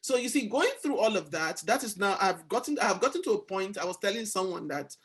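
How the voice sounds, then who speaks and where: Brisk and breathy-edged, a mid-range female voice with a Nigerian accent leads a relaxed book discussion. The host, from Nigeria, tells stories with lively energy and performs the dialogue she quotes.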